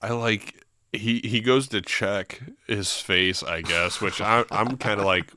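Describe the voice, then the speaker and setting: A man's voice: lowish voice, slow pace, bright, forceful tone, dry recording, clean studio sound. A man co-hosting a podcast, adding wry side comments while discussing a movie. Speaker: podcast co-host. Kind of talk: casual film discussion.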